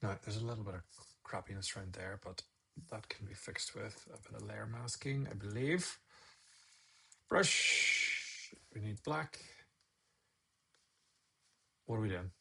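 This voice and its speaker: A man's voice: fairly low pitch, normal speed, gravelly, pauses often, slightly rough. A man, a photographer teaching photo editing on a live stream, muttering his steps aloud and scolding himself. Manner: muttering, self-scolding, chatty asides.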